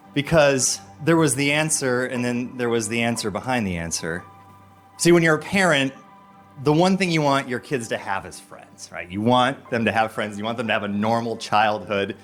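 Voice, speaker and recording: A man's voice: medium pitch, lively intonation, normal speed, soft background music. A man telling a personal story about his son on a podcast, acting out the voices of the people in it. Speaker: guest storyteller.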